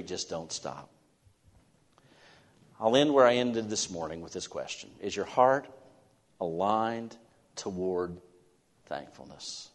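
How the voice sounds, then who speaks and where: A male pastor preaching a sermon, alternating loud emphatic stretches with soft, slow, quiet endings. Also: fairly low pitch. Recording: long reverb of a large hall.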